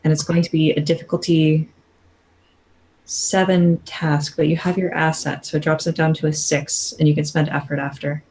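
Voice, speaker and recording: A woman with a somewhat low voice, running a tabletop roleplaying game. She explains the rules and narrates scenes slowly and haltingly. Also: flat delivery, a little mellow, slight background noise, poor audio. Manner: slow, halting descriptive narration. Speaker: game master.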